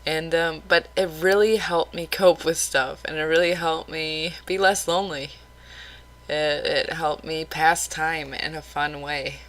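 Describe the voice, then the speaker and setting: A woman's voice: low voice, fairly even intonation, unhurried, a bit bright, poor audio. A woman vlogging casually late at night, rambling candidly and criticizing herself.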